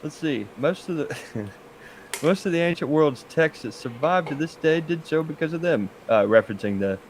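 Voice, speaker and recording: A man's voice: on the high side, lively intonation, normal speed, a little hiss or hum. A man co-hosting a live podcast in a playful, teasing way, bantering with his partner. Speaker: podcast co-host. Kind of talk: casual live podcast chat.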